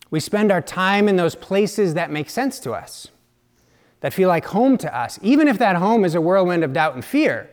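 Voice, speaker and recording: A male preacher delivers a sermon at a slow, unhurried pace. His voice sits a bit high for a man, and he is reflective, sometimes dropping to quiet asides.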